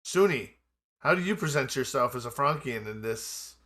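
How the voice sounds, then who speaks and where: Male game master, bright ringing voice, measured narration between casual rules chat. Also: medium pitch, animated. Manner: measured storytelling narration mixed with casual table talk.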